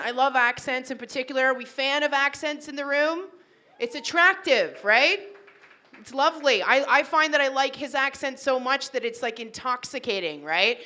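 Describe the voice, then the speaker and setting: Woman stand-up from Toronto, higher, bright and punchy, chatty crowd work on a mic. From Toronto, Canada. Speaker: stand-up comedian. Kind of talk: stand-up comedy set. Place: wedding reception hall.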